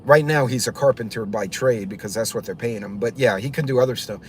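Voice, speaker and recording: A faint hiss or hum sits under this mid-range male voice as he talks a little fast on his own channel. His storytelling is casual and wandering, with many fillers and restarts, and he imitates other people's voices while retelling events.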